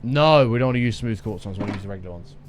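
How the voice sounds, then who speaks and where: A man's voice: on the low side, racing, slight background noise. A man chatting casually on a gaming livestream, joking around and answering chat messages aloud. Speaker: streamer.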